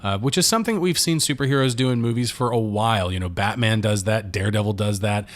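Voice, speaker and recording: A man's voice: lowish voice, fast. A man co-hosting a casual movie podcast, talking in a rambling, jokey way with lots of fillers. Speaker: podcast co-host.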